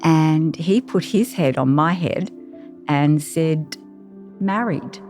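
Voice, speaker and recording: A woman, a carer, telling her personal story in an interview, reflective and halting with many pauses. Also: sits low, darkish tone, faint music behind.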